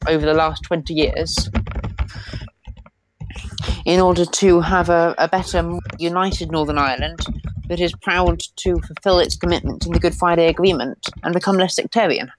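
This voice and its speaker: A woman answering as a panelist in a political debate, pausing often with many ums. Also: lowish voice, steady tone, noisy background.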